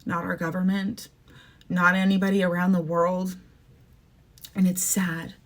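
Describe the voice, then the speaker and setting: A woman's voice: fairly low pitch, level tone. A young adult woman from Canada hosting a podcast, ranting casually and with emotion, full of "like" and "um". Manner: emotional, fast-shifting, says "like" and "um" often. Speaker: podcast host. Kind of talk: casual opinion rant.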